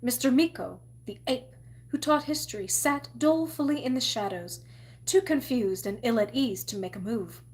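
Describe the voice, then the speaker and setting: A woman reading a novel aloud in an expressive storytelling manner. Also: a little high, normal speed. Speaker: reader.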